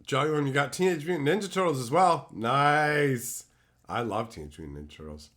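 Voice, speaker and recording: Streaming live, a man trades crude, profane jokes while riffing on what viewers type in chat. His mid-range voice has lively intonation and a fairly bright tone, and he keeps a moderate pace.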